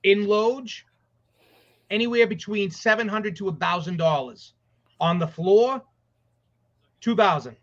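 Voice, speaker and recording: A man co-hosting a casual sports podcast, rambling excitedly and swearing as he talks. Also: high voice, a little slow, long pauses. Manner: excited, profane, rambling with restarts. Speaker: podcast co-host. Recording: dull lo-fi audio.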